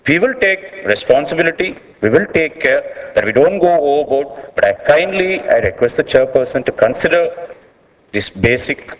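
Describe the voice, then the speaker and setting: In a conference hall, a South Indian man with an Indian English accent speaks earnestly and unscripted on a panel, repeating words, restarting sentences and leaning on "like." His voice sits on the high side with big pitch swings at normal speed, and the large hall adds long reverb.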